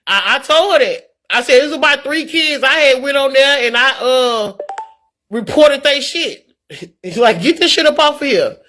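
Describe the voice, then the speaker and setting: A woman's voice: high voice, animated, unhurried, sharp tone. A middle-aged woman talking candidly on a live stream, earnest and preachy, repeating words as she gets worked up. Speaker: livestreamer reading viewer comments.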